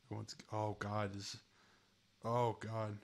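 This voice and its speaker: A man's voice: lowish voice, little pitch movement, slow, creaky. A man streaming a chat game, commenting casually, laughing often and swearing freely, and sounding short on sleep.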